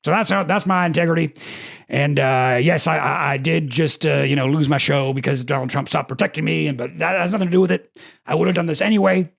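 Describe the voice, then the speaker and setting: A man putting on a middle-aged male radio ranter giving a rambling, faux-sincere confession full of fillers, in a gravelly husky voice. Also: fairly high pitch, steady tone, quick pace. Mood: mock-sincere.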